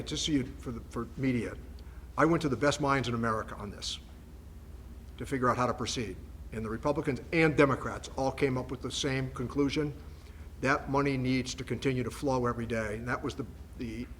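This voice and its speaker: Older guy at a press conference, measured and emphatic, lots of uh's, faint noise behind. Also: mid-range voice. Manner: measured, emphatic, with frequent fillers and restarts. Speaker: congressman. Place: factory floor.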